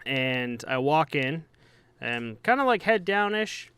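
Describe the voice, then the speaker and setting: A man's voice: on the high side, big pitch swings, slow, fairly bright tone, clear, resonant tone, no echo. A man hosting a podcast, telling rambling anecdotes in a loose, casual way with some swearing. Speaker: podcast host.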